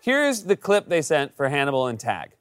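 A man's voice: fairly high pitch, big pitch swings, normal speed, fairly bright tone, no echo. A man hosting a late-night talk show, bantering playfully with a guest and laughing often.

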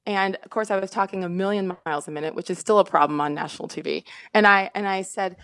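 A sportscaster in her fifties from Indiana, USA, tells a story as a guest on a podcast, speaking quickly and with animation. She laughs often and keeps restarting her sentences. Her voice sits in the mid range, with no room sound.

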